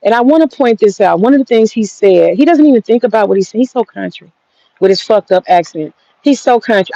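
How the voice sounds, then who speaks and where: A woman's voice: on the low side, darkish tone, lo-fi sound. Blunt, profane woman ranting from her garden. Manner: blunt, profane, rambling, talks straight to viewers. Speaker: vlogger giving commentary. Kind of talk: casual rant to viewers. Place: outdoor garden.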